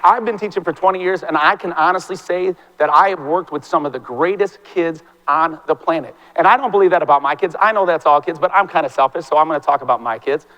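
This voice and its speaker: A man in his forties with a high voice gives an impassioned motivational talk as a teacher, fast and animated. A long reverb trails each phrase in the big hall. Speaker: teacher giving a conference talk. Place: large classroom or hall.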